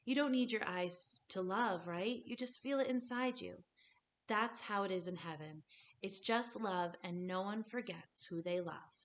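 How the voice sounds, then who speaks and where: A woman voicing a tired, loving mother who speaks softly, close to a whisper. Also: medium pitch, a little slow, slight background noise, lightly acted. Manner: soft, hushed, near whisper.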